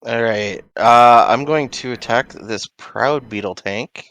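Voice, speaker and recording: A man's voice: medium pitch, takes it slowly, fairly bright tone, clean tone, dry recording. A man playing in a tabletop game who is unsure of the rules and talks himself through them. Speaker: player. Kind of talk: casual game chat.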